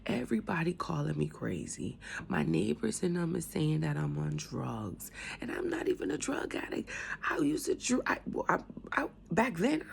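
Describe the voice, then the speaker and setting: A woman with a cold telling her faith testimony in a casual, animated way, moving between loud outbursts and hushed whispers. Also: sits low, normal speed, gravelly, husky. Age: adult with a young son. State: has a cold, coughing. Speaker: speaker sharing her testimony.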